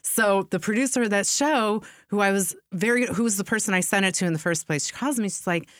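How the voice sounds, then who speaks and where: A woman's voice: mid-range voice, a little fast, no echo, studio quality. A middle-aged woman talking as a guest in a casual chat, telling stories and acting out what other people said. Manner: animated, acts out quoted voices. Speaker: podcast guest.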